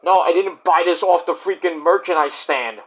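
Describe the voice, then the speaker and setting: High-voiced man ranting defensively. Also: normal speed. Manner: defensive and indignant, swearing; rambling with restarts, talks straight to the viewer. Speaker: YouTube wrestling reviewer. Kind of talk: ranting vlog address to critics.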